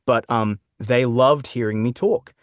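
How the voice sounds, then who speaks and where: A man with an Australian accent, slightly Americanised, chatting as a voice actor guest in a relaxed, quick way with plenty of filler words. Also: medium pitch, dry recording, studio quality. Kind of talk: casual podcast interview.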